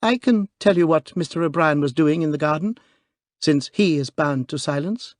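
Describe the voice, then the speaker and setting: A man's voice: fairly high pitch, moderate pace, no room sound, clean studio sound, voice pushed up, close to an everyday voice. Man voicing a proud, quivering young noblewoman. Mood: earnest, brave. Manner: clear, quivering, passionate.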